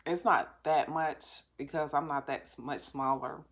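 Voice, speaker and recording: Low-voiced woman chatting through a meal. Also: steady tone, unhurried, fairly bright tone. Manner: talks with mouth full, chewing and savoring between remarks; candid and self-assured, addressing viewers directly. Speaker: mukbang vlogger. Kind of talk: casual chat while eating. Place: at home at a table.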